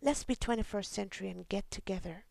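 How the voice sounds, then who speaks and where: A woman voicing an agitated, chatty woman in a poem reading, speaking quickly and emphatically. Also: mid-range voice, creaky, dry recording, lightly acted. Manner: quick, emphatic, rising to yells.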